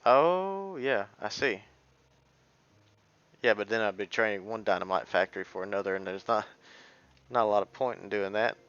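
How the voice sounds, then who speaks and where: A man with a lowish, gravelly voice that still has a bright, forceful edge talks through a game as a let's play streamer. He thinks aloud, trailing off into half-sentences as he plays. The recording sounds dull and lo-fi. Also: normal speed, long pauses. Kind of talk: casual gameplay commentary.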